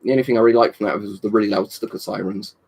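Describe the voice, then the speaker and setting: Sweary, husky streamer. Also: male voice, lowish voice, steady tone, rapid-fire, a little mellow. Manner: rambling, swears a lot, reads and answers chat. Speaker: live streamer. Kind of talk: casual live-stream chat.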